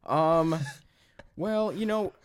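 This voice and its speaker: A man's voice: sits high, very slow, a crowd in the background. A man hosting a casual comedy chat from a blanket fort, joking and teasing. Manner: joking, playful, self-deprecating. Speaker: podcast host.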